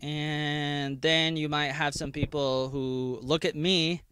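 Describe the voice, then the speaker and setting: A man talking on his own in a rambling vlog, sliding from loud bursts to low muttering. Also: little pitch movement, takes it slowly, smooth, no room sound. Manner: rambling, jumps between mocking squeals and low muttering. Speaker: vlogger.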